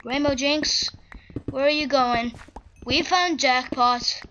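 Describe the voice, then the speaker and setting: A woman's voice: high voice, takes it slowly. A woman hosting a gaming video, chatting casually as she plays and breaking into flustered, panicked outbursts. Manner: chatty, easily flustered, bursts into panicked shouts. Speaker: gaming channel host. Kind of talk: casual game commentary. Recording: dull lo-fi mic with faint noise.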